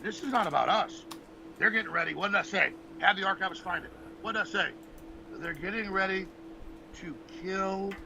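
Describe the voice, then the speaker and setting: A man's voice: sits high, gravelly, bright, forceful tone, slight background noise, poor audio. A man hosting a show, ranting intensely and pleading with his audience, repeating himself and swearing. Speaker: host. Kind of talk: impassioned ranting monologue.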